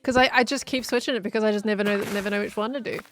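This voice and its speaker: A woman's voice: mid-range voice, fairly even intonation, rapid-fire, fairly bright tone, faint music behind. A young woman chatting casually while streaming a game, musing aloud and laughing often. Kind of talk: casual live-stream chat while gaming.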